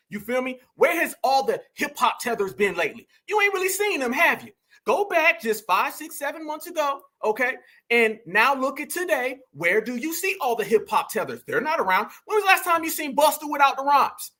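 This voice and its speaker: Guy with a real high bright voice, aave, preaching at his viewers like family. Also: lively intonation, a little fast. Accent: African American Vernacular English. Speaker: political commentary host. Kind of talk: fiery monologue to an online audience.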